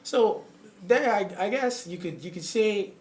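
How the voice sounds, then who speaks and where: A young man from Nigeria tells stories in casual podcast chat, with a fairly high voice. He acts out what people said in different voices and keeps breaking into laughter. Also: unhurried, a crowd in the background. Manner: animated, acts out quotes, laughs often. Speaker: podcast guest, comedian.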